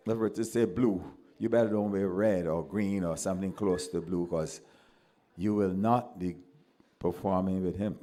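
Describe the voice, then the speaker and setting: A man with a Barbadian accent, a former pupil giving a speech at a ceremony, telling animated anecdotes and acting out the voices he quotes. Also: sits low, normal speed. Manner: animated storyteller who acts out quoted voices.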